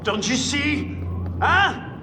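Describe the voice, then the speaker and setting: Brief: ranting villain put on by a woman, slow and indignant, reverb and music bed. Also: high voice, very animated, heavy background noise, pitched above the performer's own voice, heavily acted. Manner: indignant, scolding, drawn-out delivery. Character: melodramatic ranting moralizing villain.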